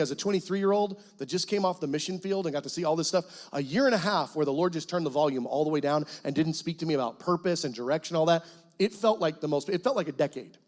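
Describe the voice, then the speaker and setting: A middle-aged guest pastor telling a personal testimony in a church, animated storytelling that breaks into loud cries as he acts out prayers. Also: a little high. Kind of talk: sermon testimony. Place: church sanctuary.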